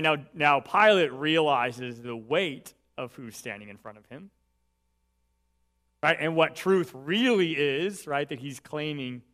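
Reading scripture and preaching with earnest, mounting emphasis, this pastor keeps slipping in "right" as an aside. His voice is male, mid-range and fairly bright in tone.

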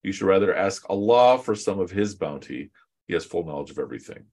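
Male teacher with a deep voice, loose and joking, leads an online class. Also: brisk. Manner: relaxed and joking, with chatty asides.

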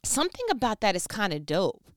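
An older woman talking at home in a casual faith-based monologue, animated and full of vivid analogies. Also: medium pitch, brisk, dry recording, studio quality. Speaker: vlogger.

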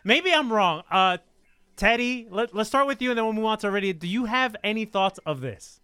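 Lively high-voiced man hosting a chat. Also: a little fast, clean tone, no room sound. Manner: animated, emphatic, repeats himself. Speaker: host. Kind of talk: casual wrestling talk show chat.

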